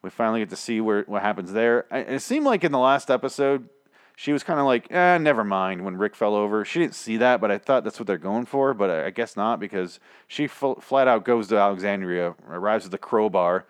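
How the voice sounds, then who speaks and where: A man's voice: on the low side, animated, fairly quick, clean tone, no echo, clean studio sound. A man casually recapping a TV episode on a podcast, rambling and ranting with plenty of swearing.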